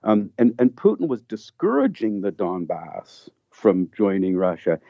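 A man with a fairly low voice talks through his argument earnestly and emphatically, circling back and restarting phrases as he goes. The sound is dry with no room, and slightly muffled. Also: wildly swooping pitch, measured pace, creaky, no echo. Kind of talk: conversational political discussion.

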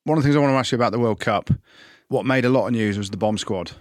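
A man co-hosting a rugby podcast, asking questions in a quick, jokey, bantering way. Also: medium pitch. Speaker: podcast co-host. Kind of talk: casual podcast interview.

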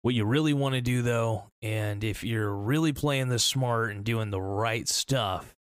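A man's voice: mid-range voice, measured pace, clean tone, dry recording, studio quality. A man hosting a casual solo podcast, rambling with many fillers and restarts. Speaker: podcast host.

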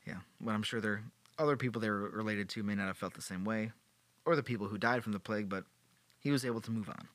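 A man's voice: fairly low pitch, fast talker, a bit bright, no echo. A man hosting a podcast, telling a history story in a casual, playful way with sarcastic joking asides. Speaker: podcast host.

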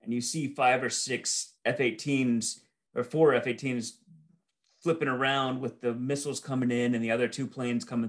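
A man in casual conversation, enthusiastically recounting film scenes and often restarting his sentences. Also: medium pitch. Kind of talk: casual movie review chat.

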